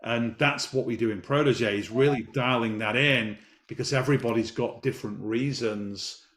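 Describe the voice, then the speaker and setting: A man's voice: medium pitch, normal speed, fairly bright tone, reverberant. A man in his fifties telling a personal story in an interview, talking emphatically and repeating his key phrases. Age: 50s. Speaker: business guest.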